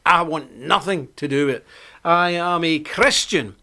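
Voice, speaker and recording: A man's voice: on the high side, measured pace, pushed and bright. A man hosting a live online report, delivering a combative, preachy monologue and repeating his points for emphasis.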